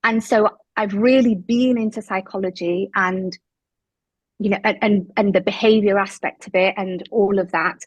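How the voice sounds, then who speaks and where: A woman in her thirties shares her story as an interview guest, at a middle pitch for a woman. She grows emphatic and animated when she acts out what people said. The recording is dry, with no room sound. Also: normal speed, no echo, low-quality recording. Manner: animated, emphatic retelling with quoted dialogue.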